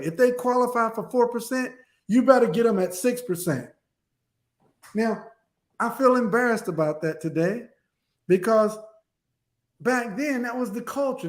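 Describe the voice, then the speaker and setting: A middle-aged man with a notably high voice tells a story as an interview guest. He acts out the dialogue of the people in it with animated delivery. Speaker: guest speaker.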